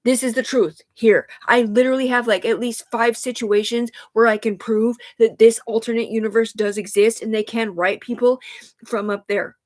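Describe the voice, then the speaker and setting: A woman's voice: fairly high pitch, steady tone, moderate pace. A woman talking on a livestream in an agitated, rambling way, swearing a lot, restarting sentences and addressing her listener as sir, upset and sighing. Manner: agitated, profane, run-on talk with many restarts.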